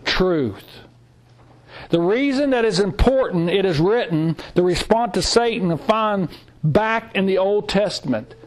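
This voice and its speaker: A man's voice: high voice, animated, measured pace. A middle-aged man teaching a Bible class, emphatic and repetitive, reading scripture aloud. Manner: emphatic, repeats phrases, reads scripture aloud. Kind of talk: sermon.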